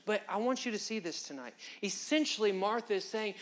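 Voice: medium pitch, animated, a little fast, few pauses. A preacher delivers a sermon at a church service in an impassioned, conversational way. The phrasing is folksy and direct, and the preacher speaks straight to the listeners. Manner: impassioned, direct address to the congregation.

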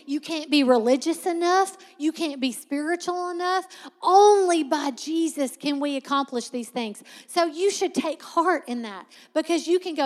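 A woman preaching a sermon as a Bible teacher, conversational but emphatic and slowing sharply to stress key words. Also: sits high, long reverb tail.

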